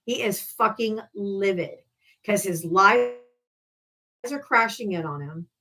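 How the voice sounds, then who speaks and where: Her mid-range voice is pushed and bright, and she takes it slowly. This woman hosts a live political debate stream, ranting casually with profanity, sarcasm and heat.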